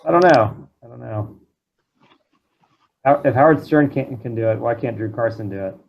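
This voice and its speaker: A man's voice: medium pitch, normal speed, creaky, dull audio. A man guesting on a podcast in casual chat, hesitant and curious, laughing often.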